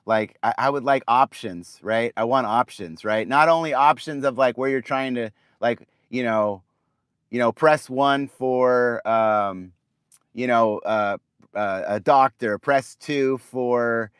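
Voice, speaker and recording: Middle-aged male vlogger, smooth tone, dry close mic, loose rambling rant full of restarts. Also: mid-range voice, takes it slowly, fairly bright tone, no echo. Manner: rambling, repeats words, says "right?" often. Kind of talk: casual ranting monologue.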